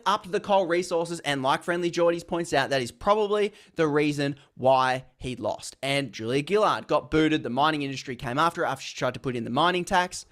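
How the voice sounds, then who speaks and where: A man's voice: on the high side, a bit bright. Earnest Australian commentator man. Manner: earnest, explanatory. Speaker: political commentator. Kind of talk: earnest video monologue.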